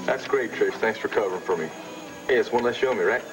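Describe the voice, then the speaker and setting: A man's voice: fairly low pitch, fast talker, music in the background, lightly acted, low-quality recording. An actor playing a playful, joking young man in a 1980s TV soap opera. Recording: hissy old TV broadcast recording.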